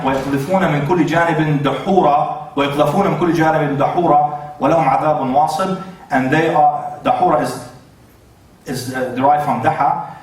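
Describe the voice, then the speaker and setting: Man, debate presentation, hesitant, lots of fillers, booming hall echo. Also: far from the mic. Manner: hesitant, many fillers and self-corrections. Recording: very echoey hall, voice away from the mic.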